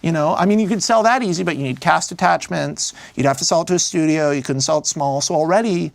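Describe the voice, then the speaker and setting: A man, a screenwriter, talking casually in an interview and acting out scenes as he pitches a film. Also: gravelly, no room sound. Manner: animated storyteller who acts out scenes; speaks in fast bursts with many "like" fillers.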